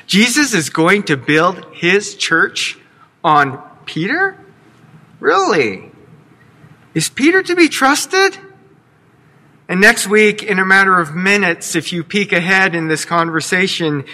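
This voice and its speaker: A man with a high, very bright voice preaches a sermon, slow and measured, telling the story expressively with playful asides. His voice rings out through a long hall reverb, as in a large church sanctuary. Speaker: pastor.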